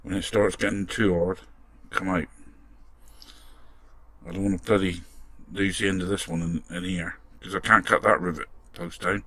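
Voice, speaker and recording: A man's voice: deep voice, fairly even intonation, normal speed, bright, forceful tone. A man chatting casually as he restores a toy car, muttering to himself with the odd mild swear. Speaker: model restoration vlogger. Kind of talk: casual workshop commentary.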